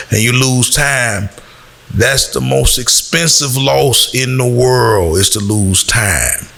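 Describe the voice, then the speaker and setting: A man's voice: medium pitch, creaky, pushed and bright. A man from Chicago lecturing young people in a blunt, preachy way, his voice climbing on the points he stresses. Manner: blunt, lecturing, rising on emphasis. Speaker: community speaker.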